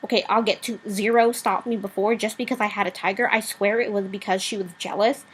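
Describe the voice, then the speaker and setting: A woman's voice: medium pitch, steady tone, a little fast, breathy edge, poor audio. A woman vlogger delivering a blunt, profanity-laced rant, rambling with asides and fillers.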